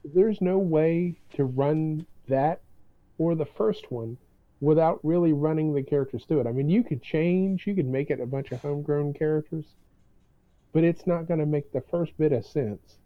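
A man co-hosting a podcast in casual chat, measured and dryly humorous, heard over a remote line. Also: on the high side, dry recording. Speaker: podcast co-host. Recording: tinny phone-like line, dry.

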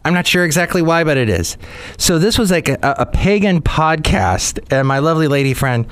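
A man's voice: a little high, expressive, brisk, a bit bright, clean tone. A man hosting a comedy podcast, telling a rambling story with lots of repeated words. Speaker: podcast host. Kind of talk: casual comedy podcast monologue.

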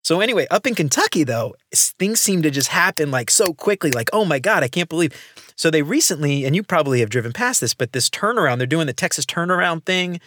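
A man hosting a podcast, telling animated, rambling stories in casual conversation on a close microphone. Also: a little high, fast, few pauses, no room sound. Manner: animated storyteller, rambling asides. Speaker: podcast host.

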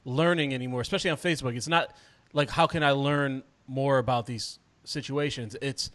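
A man co-hosting a podcast in casual chat, laid-back and swearing, dropping lower when he is dismissive. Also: steady tone, brisk, a bit bright. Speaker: podcast co-host.

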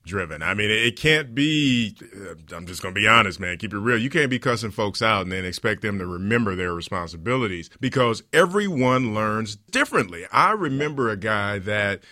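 Lively, bright-voiced man hosting a podcast. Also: lowish voice, brisk, few pauses, dry recording, studio quality. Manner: animated storytelling, frequent laughter. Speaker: podcast host; former pro football player. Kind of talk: podcast conversation.

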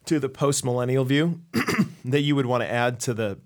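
A man's voice: medium pitch, moderate pace. Male podcast co-host, conversational explainer, casual chat. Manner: conversational, explains with quoted asides. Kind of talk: casual theological discussion.

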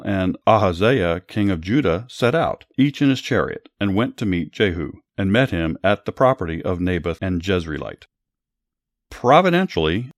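Deep-voiced man reading Bible stories. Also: no echo, clean studio sound. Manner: measured, earnest reading, small restarts in commentary. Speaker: storyteller and Bible teacher. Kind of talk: Bible story narration with commentary.

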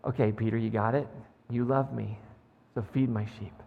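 A man doing a patient, gentle teacher. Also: a little high, normal speed, vocal fry, slightly rough, exaggerated voice. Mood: tender. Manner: calm, gently probing, patient. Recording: dull sound with long hall reverb.

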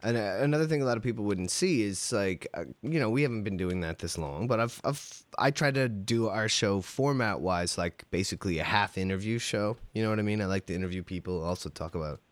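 A man's voice: lowish voice, a little fast, hardly any pauses, dry recording. A man hosting a podcast in casual chat, loose and full of fillers, asking eager questions. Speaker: podcast host.

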